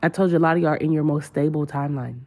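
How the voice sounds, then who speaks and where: Low, gravelly-voiced woman podcaster. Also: rapid-fire, a little mellow. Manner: casual, emotional, slangy and repetitive. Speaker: podcast host. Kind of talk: spiritual podcast monologue.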